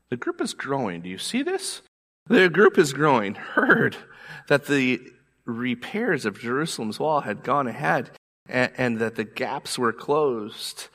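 A man preaching a sermon as pastor, animated and emphatic, repeating his points for weight. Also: medium pitch, a little slow.

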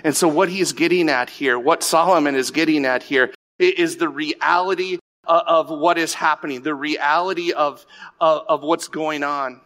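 A middle-aged man preaching a sermon, telling stories in an animated way with many restarts and asides to the congregation. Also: a little high, normal speed. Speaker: pastor.

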